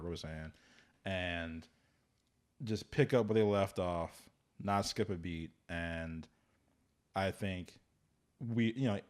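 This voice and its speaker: A man co-hosting a podcast in casual chat, animated and sarcastic, swearing freely. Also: low voice. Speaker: podcast co-host.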